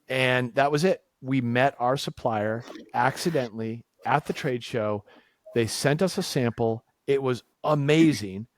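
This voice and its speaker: A man's voice: medium pitch, measured pace, dry recording. A man, telling a story on a podcast in a casual way and acting out the dialogue with big jumps in his voice. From Massachusetts, USA. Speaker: co-founder telling the company story.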